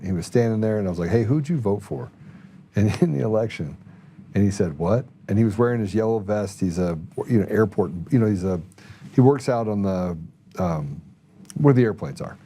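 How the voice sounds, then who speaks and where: Rambling male podcast host, mellow voice. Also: sits low, a little hiss or hum. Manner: rambling storytelling with restarts. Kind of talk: casual political talk.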